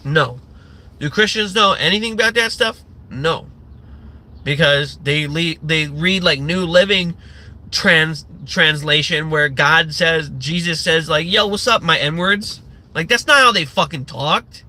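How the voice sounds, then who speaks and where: A man's voice: on the high side, measured pace, sharp tone. A man hosting a livestream, ranting in a sarcastic, profane and rambling way, full of fillers and restarts. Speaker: livestream host.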